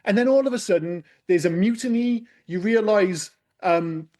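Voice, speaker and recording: Man, high voice, dry close sound, exasperated, swearing, casual podcast film chat. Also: moderate pace, no room sound. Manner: animated, exasperated, swears often. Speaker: podcast co-host.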